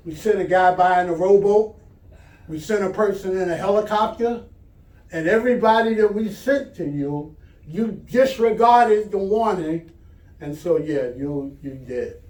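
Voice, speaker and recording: A preacher voicing a calm male angel who questions a dead man in a low, matter-of-fact way. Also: measured pace. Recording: echoey hall, mic at a distance.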